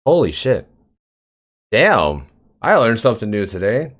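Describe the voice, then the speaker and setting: A man hosts a casual livestream interview with a very animated, swooping voice. He swears freely and breaks off to read out chat messages and thank viewers. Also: fairly low pitch, unhurried. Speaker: stream interview host.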